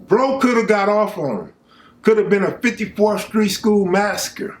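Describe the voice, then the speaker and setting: A man telling a true story from his own life in a casual, animated way, full of street slang and asides to the viewer. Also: high-pitched, normal speed.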